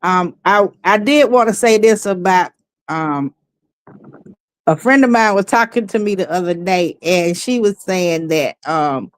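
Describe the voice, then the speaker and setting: Fast-talking Southern woman, dry sound. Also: lowish voice, dry recording. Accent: Southern American. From American South. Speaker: guest. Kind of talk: casual chat.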